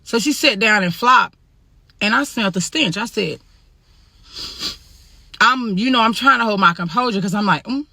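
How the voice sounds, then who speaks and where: A rideshare driver, telling a storytime monologue in an animated, profane and exasperated way. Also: mid-range voice, moderate pace, creaky, pauses often, dry recording.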